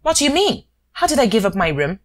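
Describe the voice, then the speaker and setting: A woman voicing an excitable, loyal male companion who gets agitated and indignant in outbursts. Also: fast. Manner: indignant, high-strung outbursts.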